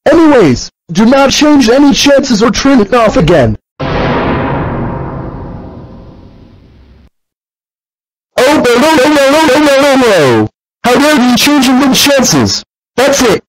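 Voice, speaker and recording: A man's voice: extremely high pitch, sing-song, normal speed, faint music behind, rough recording. A man voicing an angry male purple dinosaur who scolds and keeps repeating threats. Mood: furious.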